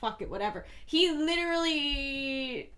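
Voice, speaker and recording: A woman with a New Jersey accent chats loosely on a podcast, her voice sitting a little high. She is animated, swears freely and laughs a lot as she recaps. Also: unhurried. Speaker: podcast co-host; teacher. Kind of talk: casual rewatch podcast chat.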